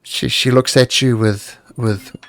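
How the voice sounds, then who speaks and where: Gravelly-voiced man running a tabletop game. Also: mid-range voice. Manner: relaxed, halting, many restarts. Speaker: game master. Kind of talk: narrating a tabletop game on stream.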